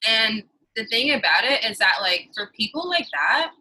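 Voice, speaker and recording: Brief: woman in her thirties, fairly high and bright voice, emphatic, swears a lot, casual talk, faint room noise. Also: very animated, moderate pace, poor audio. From suburbs of New York City. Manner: heated, emphatic, swears freely. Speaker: guest. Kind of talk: casual conversation.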